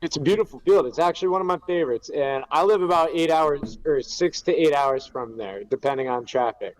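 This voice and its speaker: Man, upbeat, fairly high voice, casual panel chat. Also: fairly quick, poor audio. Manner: upbeat, promotional. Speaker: guest, event commander.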